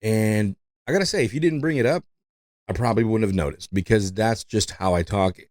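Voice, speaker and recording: A man's voice: on the low side, brisk, darkish tone, dry recording, clean studio sound. A man who learned English as a second language, hosting a podcast and chatting casually with lots of fillers and "you know". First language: not English. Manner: rambling, fillers, frequent "you know", laughs often. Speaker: podcast host.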